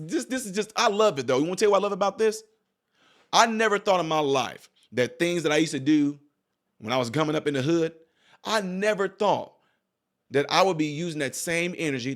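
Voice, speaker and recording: A man's voice: medium pitch, fairly bright tone. A middle-aged man giving an emphatic opinion vlog, talking straight to his viewers in a preaching manner. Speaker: YouTube commentator.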